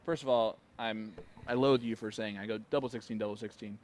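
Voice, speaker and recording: A man's voice: fairly low pitch, steady tone, fairly quick, a little hiss or hum. A man doing casual live darts commentary, joking and chatting with a young player. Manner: playful, teasing banter with a young guest.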